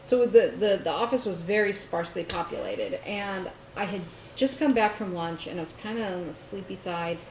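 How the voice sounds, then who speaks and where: A woman co-host chats casually and tells a story with lively energy, laughing now and then. Her voice sits in the middle of the range. The recording has a roomy echo and a light background hiss. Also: mid-range voice, moderate pace. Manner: animated storyteller, laughing often. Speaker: podcast co-host. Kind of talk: casual chat. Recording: roomy echo, faint noise.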